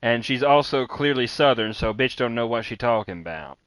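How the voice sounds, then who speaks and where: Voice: medium pitch, lively intonation, moderate pace, a bit bright, no room sound. A streamer giving blunt, candid live game commentary, swearing freely. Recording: stream audio with game music behind.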